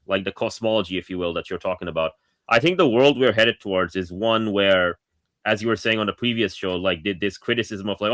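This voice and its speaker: A man chatting on a podcast panel, casual and profane, quick to agree before making his own point. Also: lowish voice, expressive, a bit bright.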